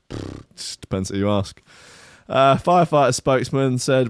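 A man's voice: mid-range voice, expressive, moderate pace, clear, resonant tone, dry recording, studio quality. Giggly man riffing on news. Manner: wry, giggly, mocking asides. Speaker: podcast host. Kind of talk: comedic news-reading chat.

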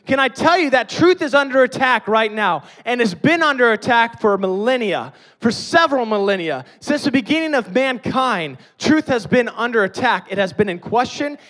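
A man preaching a sermon, emphatic, swinging between loud stressed phrases and quiet low passages.

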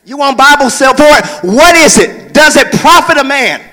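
A man preaching a sermon from the pulpit of a large church, moving between conversational talk and loud hollering. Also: very high-pitched, lively intonation, moderate pace, in a large hall. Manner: preaching, shifts into hollering whoops. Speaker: pastor.

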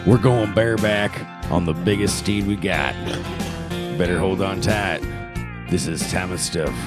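Man putting on a deep-voiced country cowboy charmer. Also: loud music behind the voice. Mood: swaggering. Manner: slow, low, boastful drawl. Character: smooth-talking male country cowboy charmer.

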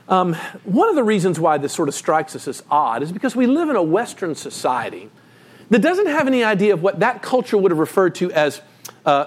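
Animated high-voiced male preacher. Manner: animated, emphatic storytelling with sudden pitch jumps. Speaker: pastor. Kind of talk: sermon.

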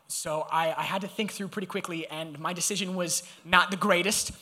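A young man from Georgia preaching a sermon, telling a personal story in an animated, conversational way and talking straight to the congregation. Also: sits high, fairly quick. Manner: animated, conversational, addresses audience directly.

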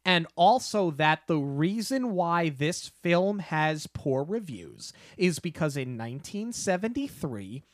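Male podcast co-host, unhurried and deliberate, close dry mic, amused storyteller. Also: a little high, very animated, no echo. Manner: slow, deliberate build-ups with playful disbelief. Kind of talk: casual podcast chat. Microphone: podcast microphone.

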